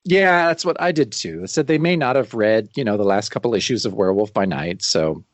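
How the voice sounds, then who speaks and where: A man co-hosting a podcast, chatting casually and retelling scenes in a relaxed, agreeable way. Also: lowish voice, brisk, dry recording. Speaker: podcast co-host. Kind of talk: casual chat.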